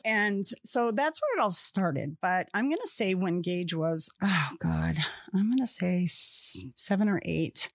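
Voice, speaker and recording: Chatty low-voiced woman, dry sound. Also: animated, unhurried, creaky, dry recording. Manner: chatty, rambling with many fillers and restarts. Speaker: podcast guest. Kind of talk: casual podcast conversation.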